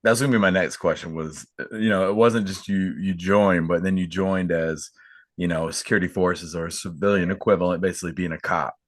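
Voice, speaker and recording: A man's voice: sits low, fairly even intonation, a little fast. A man hosting a podcast, chatting casually and chiming in with questions and jokes. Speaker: podcast host. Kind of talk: casual interview chat.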